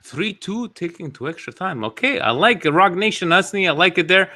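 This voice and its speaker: A man's voice: sits high, a little fast. Upbeat man hosting a podcast. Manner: lively, upbeat, hands the mic to guests. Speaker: podcast host. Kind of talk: casual chat.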